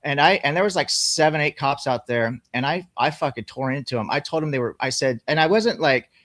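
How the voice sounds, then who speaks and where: Profane, animated man telling a story. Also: medium pitch, brisk, no room sound, studio quality. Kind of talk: casual storytelling.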